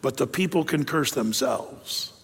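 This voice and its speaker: A man voicing a scheming male prophet who gives sly advice in a hushed, conspiratorial way. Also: medium pitch, expressive, unhurried, in a large hall, voice pushed down.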